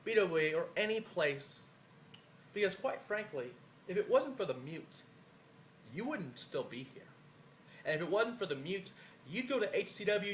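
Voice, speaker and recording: A man's voice: on the high side, a bit bright, a little hiss or hum. A man cutting a boastful, profane wrestling promo, his voice a bit worn. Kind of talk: trash-talking wrestling promo. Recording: echoey room, faint ambience.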